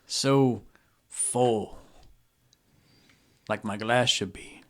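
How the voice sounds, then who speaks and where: A man's voice: medium pitch, steady tone, extremely slow, a bit bright. A man voicing a rowdy, rambling old male town drunk who slurs and hollers. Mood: boozy cheerful. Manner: slurring, boisterous, rambling.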